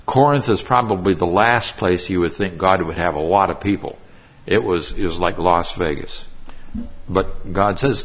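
A middle-aged male pastor delivers a sermon in a low, husky voice. He slows down to explain Greek verb forms and repeats the key phrases for emphasis.

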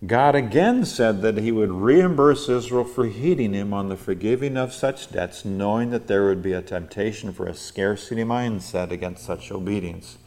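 A man's voice: fairly low pitch, darkish tone. Older male pastor teaching from scripture. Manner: reads scripture then explains it, with fillers and restarts. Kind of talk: expository Bible teaching.

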